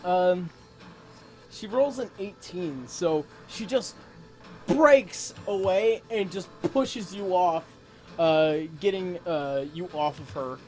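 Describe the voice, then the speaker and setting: A woman with a low voice runs a tabletop game, narrating and calling for rolls. She talks casually and curses when her dice fail. Faint music plays underneath. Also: expressive, slow, a little mellow. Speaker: game master.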